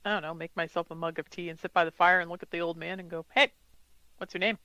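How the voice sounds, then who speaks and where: A player at a tabletop game, relaxed and wry. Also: medium pitch, racing, no room sound, highs cut off. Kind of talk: casual tabletop play.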